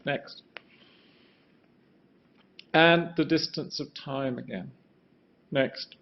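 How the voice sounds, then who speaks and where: Extremely slow and gravelly, a medium-pitched older man's voice meanders through a reflective talk on architecture. He keeps starting his sentences over and calling for the next slide, and the sound is muffled and lo-fi.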